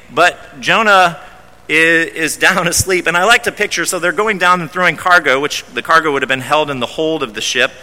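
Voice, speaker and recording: A man's voice: a little high, pushed and bright. A male pastor preaching an expository sermon in a conversational way, often repeating and restarting words. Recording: long reverb in a large hall.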